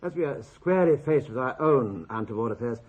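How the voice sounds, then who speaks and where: A stuffy upper-class country host, pompous and easily flustered, voiced by a man. His husky voice rises and falls widely. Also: mid-range voice, expressive, fairly quick, phone-quality sound.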